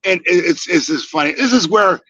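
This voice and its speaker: A man in his sixties telling a casual story, acting out the quoted lines with lively energy and casual swearing. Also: high voice, fairly quick, slightly rough, no room sound, muffled recording. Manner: animated, acts out quoted dialogue, swears casually. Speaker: podcast guest telling stories.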